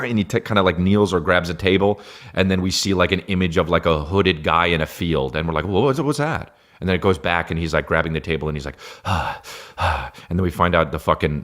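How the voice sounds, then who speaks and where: Deep-voiced man ranting with profanity. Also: a bit bright. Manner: profane, rambling, stammers and restarts. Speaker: podcast host. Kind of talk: casual comedic rant.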